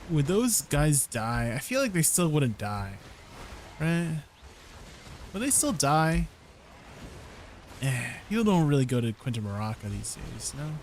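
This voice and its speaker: A man's voice: on the high side, sing-song, unhurried, pauses often, a little hiss or hum. A man chatting casually while streaming a game, laughing often and trying out foreign words. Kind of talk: casual game livestream chat.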